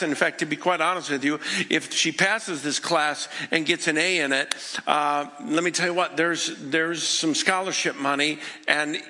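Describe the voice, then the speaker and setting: High, bright-voiced pastor preaching in a hall. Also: male voice. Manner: conversational storytelling, acting out people's inner prayers. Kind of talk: sermon.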